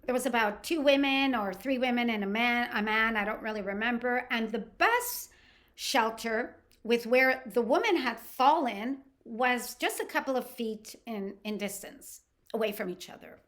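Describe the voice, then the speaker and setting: Bright, animated woman telling a story. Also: on the high side, moderate pace. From Canada. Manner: animated, frequent restarts and repeated words. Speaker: podcast host. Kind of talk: casual storytelling.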